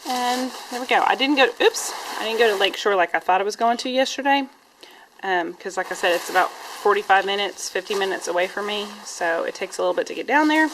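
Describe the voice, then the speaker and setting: A woman's voice: mid-range voice, expressive, quick pace, a bit bright, slight background noise, rough recording. A woman teacher, chatting casually in a classroom vlog, rambling with lots of "um"s and "y'all"s, a little sniffly. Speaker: primary teacher vlogger.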